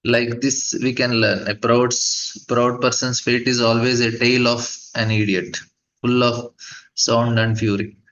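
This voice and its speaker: Man teaching a halting scripture class. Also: mid-range voice, flat delivery, fairly bright tone. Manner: halting, with frequent fillers and restarts. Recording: dull lo-fi recording.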